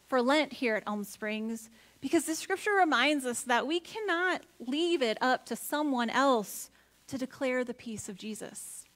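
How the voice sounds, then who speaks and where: A woman pastor preaching a sermon in a church, earnest, building to emphatic points and then dropping soft. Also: high voice. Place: church sanctuary.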